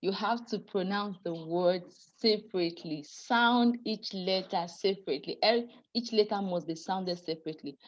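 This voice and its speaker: A woman's voice: mid-range voice, moderate pace, few pauses, muffled recording. A woman teaching French pronunciation in an online class, patient and apologetic, often laughing and calling students dear.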